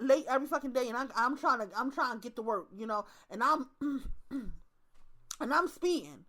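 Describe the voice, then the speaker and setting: A young woman, talking casually to her viewers in a profane, animated way and acting out little scenes. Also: high-pitched. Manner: profane, animated storytelling with acted asides. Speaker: channel host. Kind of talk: casual monologue to camera.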